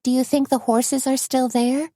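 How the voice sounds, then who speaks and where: Casting: woman playing a nervous, high-strung girlfriend sidekick, quavering and quick to panic, audiobook character voice. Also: little pitch movement, warm tone, no echo, studio quality. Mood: anxious. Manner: nervous, breathless, urgent. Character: jittery young woman sidekick, easily spooked.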